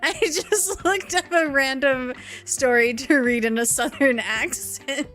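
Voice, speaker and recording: A woman streams a game and chats casually with viewers, giggly and playful. Her voice sits a bit high, with faint music in the background. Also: a little slow, fairly bright tone. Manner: giggly, playful, self-mocking. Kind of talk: casual live-stream chat.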